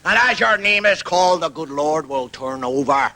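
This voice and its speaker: A man impersonating a fiery male preacher, bellowing a slow, drawn-out sermon about hellfire. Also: on the high side, expressive, bright, forceful tone, pitched above the performer's own voice. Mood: thundering.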